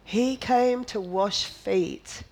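A woman's voice: medium pitch, very slow, a little mellow, rough recording. A woman preaching a sermon, emphatic and repetitive, firing off rhetorical questions and slipping in playful jokes. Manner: drops in playful asides and jokes.

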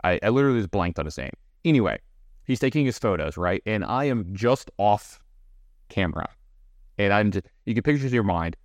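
On a podcast, a male co-host rattles off a funny story in a loose, casual storytelling chat, talking fast with many fillers and quick restarts. His slightly low voice is expressive and sounds dry and close to the mic, with no echo.

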